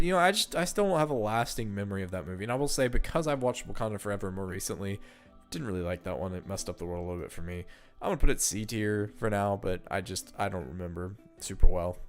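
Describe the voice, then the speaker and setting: A stuffed-up man chatting casually to viewers while ranking movies, thinking aloud with fillers and restarts. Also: on the low side.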